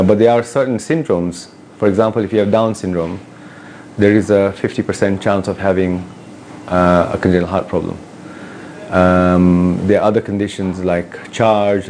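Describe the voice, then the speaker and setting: A man with a low, mellow voice speaks as a pediatric cardiologist in a hospital. He explains things in a measured way and stops often for ums and uhs. Faint noise sits under the recording. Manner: measured, hesitant with many fillers. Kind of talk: explaining to camera. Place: hospital in Kenya.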